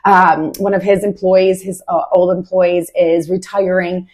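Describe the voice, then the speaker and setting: A young adult woman who hosts a Christian podcast shares a heartfelt faith testimony casually, using lots of "like" fillers. Her lowish voice is level, unhurried, and a little mellow.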